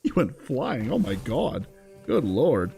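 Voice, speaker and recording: Young male streamer, lively and expressive, talks to chat, swears casually, music behind. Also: medium pitch, takes it slowly. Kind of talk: casual gameplay commentary.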